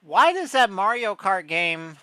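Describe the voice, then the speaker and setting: A woman's voice: medium pitch, big pitch swings, measured pace, fairly bright tone, dry recording. A woman streamer giving a rambling, sarcastic reaction commentary on gaming news, often exasperated.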